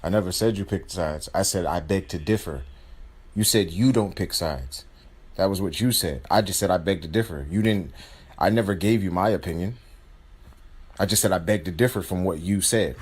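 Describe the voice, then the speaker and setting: Guy doing a deep husky voice, insistent, set apart from the room. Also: moderate pace.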